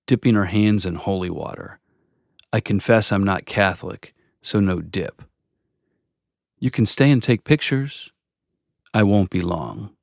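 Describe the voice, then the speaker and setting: Man, very low gravelly voice, slow reflective poetry reading, measured and unhurried. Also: no room sound, studio quality. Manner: measured, unhurried, contemplative delivery. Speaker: poet reading his own work.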